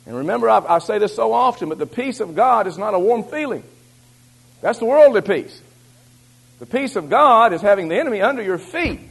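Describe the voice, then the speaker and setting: Male preacher, sermon, husky voice, high pitch, loud rallying bursts, then quiet asides. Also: animated, a little fast, rough recording. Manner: swings from loud exhortation to low confiding asides.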